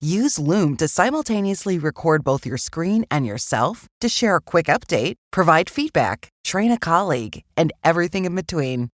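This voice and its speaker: Woman reading a lively sponsor ad. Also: lowish voice, normal speed, few pauses, no room sound, studio quality. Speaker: ad announcer. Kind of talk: upbeat sponsor read.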